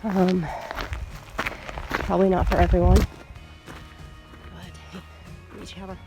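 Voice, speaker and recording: A hiking vlogger talks in a slow, meandering way, filling gaps with ums as the words drift along. The voice is nasal and congested, and the breathing is heavy from the climb. It is recorded outdoors on a trail, with music playing clearly underneath. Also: mid-range voice, little pitch movement, low-quality recording. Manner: meandering, easygoing, many fillers. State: congested from illness. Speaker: traveling vlogger. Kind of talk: casual rambling vlog talk while hiking.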